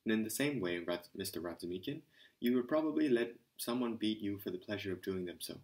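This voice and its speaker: A man voicing a hearty, impatient young man who lectures and scolds loudly. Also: on the low side, animated, fairly quick. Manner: blustering, hectoring.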